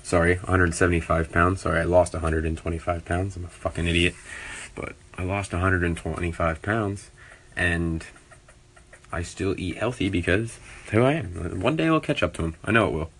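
A man's voice: deep voice, normal speed, a bit bright, a little hiss or hum. A young man venting to viewers in an exasperated, profane, rambling way. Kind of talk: casual vent to viewers.

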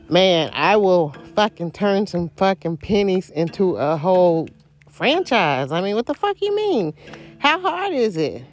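A woman in a casual monologue rant, blunt, heavily profane, rambling and repeating herself. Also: lowish voice.

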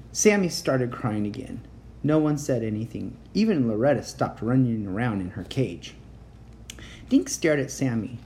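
Woman reading a kids chapter book, really low voice, lots of lilt. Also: normal speed, slight background noise. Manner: expressive, animated storytelling. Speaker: reader.

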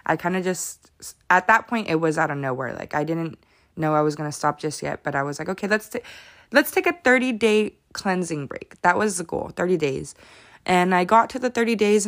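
A woman in her thirties talking candidly to camera as she answers follower questions, emotional and sometimes close to tears, with lots of fillers. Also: fairly low pitch. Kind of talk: casual confessional talk to camera.

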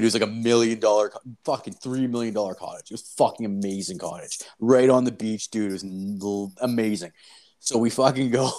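Profane, animated Canadian storyteller man. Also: on the low side. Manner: constant swearing, animated and loud. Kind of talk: casual storytelling.

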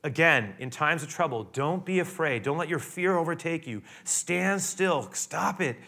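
Male pastor delivering a sermon: bright, tense tone, dramatic storytelling that swings between loud and hushed. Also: on the high side, lively intonation, moderate pace, vocal fry.

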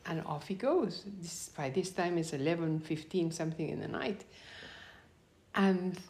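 A woman's voice: fairly low pitch, measured pace. A woman telling a personal story in an interview, acting out the dialogue and laughing often as she goes. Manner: animated, acts out quoted dialogue.

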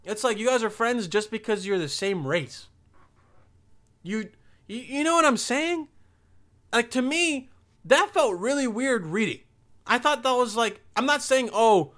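A man's voice: very high voice, pushed and bright. A young man from Bosnia with no accent, talking in a rambling, profane, emphatic casual monologue.

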